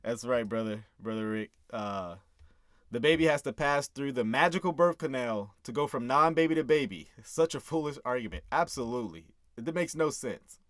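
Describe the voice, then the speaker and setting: A man's voice: medium pitch, expressive, normal speed, dry recording, clean studio sound. A man hosting a casual breakdown of his own song, talking earnestly and often tagging his points with "right?". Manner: earnest, keeps asking "right?", chuckles. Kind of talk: casual commentary.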